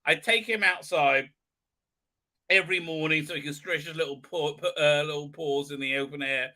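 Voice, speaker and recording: A man's voice: on the high side, moderate pace, sharp tone. A man hosting a live stream, chatting casually in a rambling, sarcastic and self-mockingly grumpy way, swearing freely.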